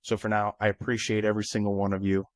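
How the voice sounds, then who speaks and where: Man, podcast host, promo read, upbeat, low voice, dry close mic. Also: completely flat delivery, quick pace, no room sound. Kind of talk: reading a promotional announcement.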